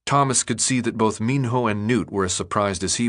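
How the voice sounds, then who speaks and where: A man reading an audiobook in scripted narration with a steady, even delivery. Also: on the low side, a little fast, few pauses.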